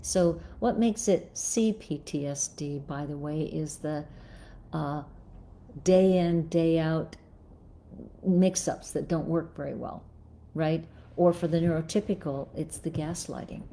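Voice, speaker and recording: A woman's voice: low voice, slow pace, dark tone, a little hiss or hum. A middle-aged woman psychologist answering viewer questions on a live stream, thoughtful, with many fillers and restarts. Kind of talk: live-stream advice talk, reading viewer comments.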